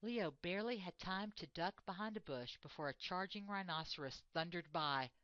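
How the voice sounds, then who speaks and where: A woman reading a picture book aloud, expressive and measured. Her voice sits on the lower side. The recording is dry and a little dull. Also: no room sound. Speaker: reader. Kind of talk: storybook reading.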